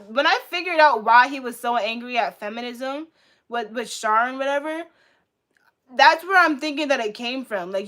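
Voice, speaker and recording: A young woman on a live stream ranting in a heated way, swearing often and going back over the same points. Her voice sits a little high for a woman. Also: fairly bright tone. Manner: heated, profane, repeats herself. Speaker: livestreamer. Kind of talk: casual live-stream reaction rant.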